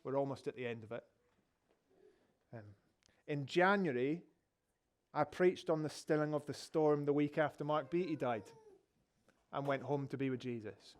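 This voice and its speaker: Scottish pastor with a higher voice. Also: male voice, normal speed, long pauses. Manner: vivid storytelling with rhetorical questions. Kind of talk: sermon.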